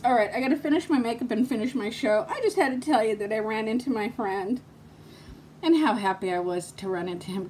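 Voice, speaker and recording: A woman vlogger with a fairly high voice chats casually to her viewers. She tells stories in a chatty way and often breaks into laughter. A faint hiss sits under her voice. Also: a little mellow. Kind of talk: casual chat vlog with storytelling.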